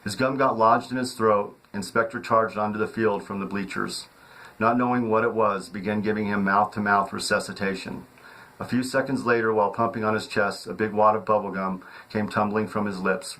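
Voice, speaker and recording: A man with a fairly low voice narrates his own novel as an audiobook. His reading is steady, with occasional slips and restarts. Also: low-quality recording.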